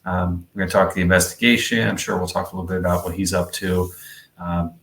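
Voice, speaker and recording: Low-voiced chatty man, roomy sound. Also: level tone, fast talker, creaky, fairly bright tone. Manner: meandering, chatty, frequent fillers. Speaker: podcast co-host. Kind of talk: casual podcast chat.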